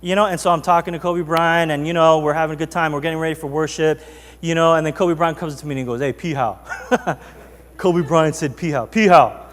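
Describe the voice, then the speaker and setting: Casual, animated male pastor preaching. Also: on the high side, fast talker, big-room sound. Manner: casual, animated storytelling with many fillers. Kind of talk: sermon. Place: church sanctuary.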